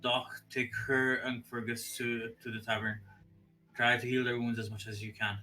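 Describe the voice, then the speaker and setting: A man playing a tabletop role-playing game, speaking hesitantly and deliberately with restarts. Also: medium pitch, flat delivery, bright, forceful tone, soft background music, rough recording. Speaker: player.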